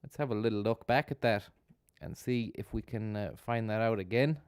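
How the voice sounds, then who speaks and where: A man's voice: fairly low pitch, moderate pace, a little mellow, clear, resonant tone, no echo. Dry-voiced sardonic male streamer. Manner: sardonic, rambling, swears freely. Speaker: streamer host. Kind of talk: casual live-stream commentary.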